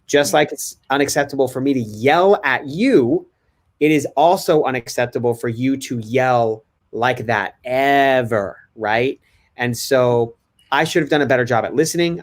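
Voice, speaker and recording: A man's voice: mid-range voice, moderate pace. Candid man telling a family story. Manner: candid, self-reflective storytelling. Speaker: podcast co-host and father. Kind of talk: casual podcast chat.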